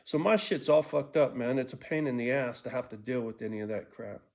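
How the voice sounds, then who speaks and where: A man's voice: medium pitch, brisk, darkish tone. Rambling, profane sixty-year-old man vlogging. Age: 60s. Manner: profane, rambling, jumps between thoughts; restless, frequent restarts and stumbles. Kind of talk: rambling casual monologue.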